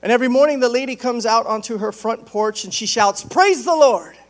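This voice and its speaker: Male pastor with a high voice, joking and chatty from the pulpit. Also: steady tone, fast talker. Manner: joking, conversational storytelling. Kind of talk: sermon.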